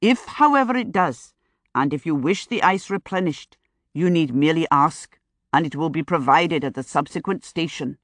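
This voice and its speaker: A woman's voice: sits low, animated, moderate pace, dry recording, pitched below the performer's own voice. A fussing, bowing railway agent, all formal courtesy and anxious apology, as a woman reader puts him on. His speech is effusive and overly polite in an audiobook reading. The sound is close and dry. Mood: solicitous. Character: fretful, obsequious male railway agent.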